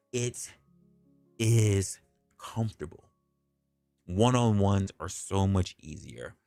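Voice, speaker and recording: A man hosting a livestream, talking bluntly and casually with plenty of profanity. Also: low voice. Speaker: livestream host.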